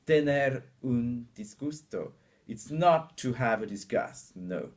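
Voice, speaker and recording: Relaxed male English teacher, Spanish explanations. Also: medium pitch, takes it slowly. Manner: relaxed, hesitant with many fillers, laughs easily. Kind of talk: bilingual language lesson chat.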